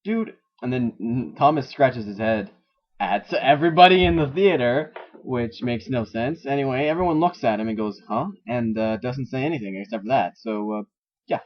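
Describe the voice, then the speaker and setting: A man with a mid-range voice reads a story aloud at a normal speed, mocking it as he goes. He's sarcastic, swears often, and laughs at the text, all captured in a dull lo-fi recording.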